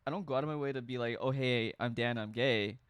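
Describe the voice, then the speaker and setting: A young man chatting casually with friends and telling a story in a lively way, acting out other people's lines. His voice sits at a middle pitch. It sounds dry and close, with little room echo. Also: fast, clear, resonant tone. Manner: storytelling, animated quoting of others. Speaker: host. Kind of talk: casual chat.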